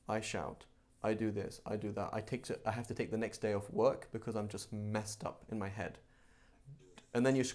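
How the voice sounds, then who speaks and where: A man's voice: mid-range voice, darkish tone. Conversational male religion teacher. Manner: chatty, conversational, with frequent asides and rhetorical questions. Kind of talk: casual religious class.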